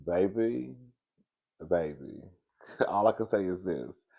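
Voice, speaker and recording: Man, sassy gossip host, animated, frequent laughter. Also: deep voice, takes it slowly, gravelly, dull audio. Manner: animated, sassy, laughs often, calls listeners girl and baby. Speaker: commentary show host. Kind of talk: casual gossip commentary.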